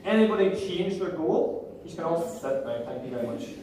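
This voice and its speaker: A man's voice: fairly high pitch, lively intonation, normal speed, mellow. A man in his thirties with a Northern Irish accent gives a playful, jokey seminar talk as a motivational speaker, directing the crowd. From Northern Ireland. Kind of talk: live seminar talk to an audience. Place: large echoey hall. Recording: echoey hall from far off with background noise.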